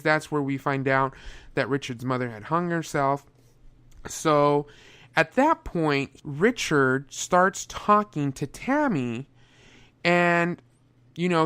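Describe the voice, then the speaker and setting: A man's voice: mid-range voice, a bit bright, smooth, no room sound. A young man reviewing a movie in a casual, sarcastic way, often breaking into exasperated outbursts.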